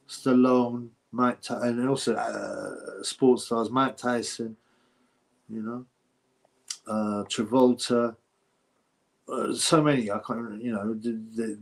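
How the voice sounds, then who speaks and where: Male livestream host; blunt, rambling, mocking, casual chat tone. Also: mid-range voice. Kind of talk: casual livestream chat answering viewer comments.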